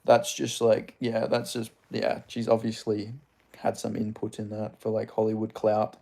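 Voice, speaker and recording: A man's voice: on the low side, completely flat delivery, moderate pace, gravelly, mellow. A young Australian man hosting a casual livestream, reading chat questions aloud and answering in a crude, joking, rambling way.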